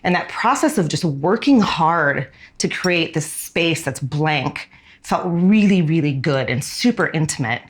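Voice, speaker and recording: Low-voiced woman telling a reflective story. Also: lively intonation. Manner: candid and reflective, often slowing down on key words. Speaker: fashion designer.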